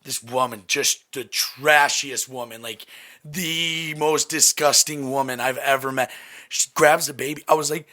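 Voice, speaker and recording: A young man hosting a podcast, telling a story in a casual, animated way, swearing and laughing often. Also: medium pitch, unhurried. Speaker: podcast host.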